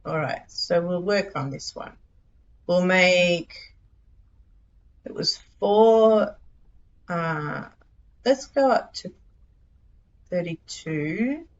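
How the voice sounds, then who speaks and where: A woman's voice: lowish voice, expressive, extremely slow, pauses often, lo-fi sound. Chatty Australian woman streamer. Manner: chatty, scattered, giggly, self-mocking. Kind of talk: casual live game-stream chat.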